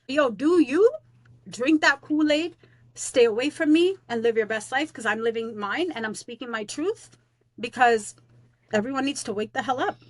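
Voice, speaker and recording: A woman's voice: fairly high pitch, no room sound. Blunt, slangy woman ranting to camera. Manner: blunt, slangy, defiant talk; rambling, with frequent fillers. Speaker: teacher on leave. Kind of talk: casual vlog rant to camera.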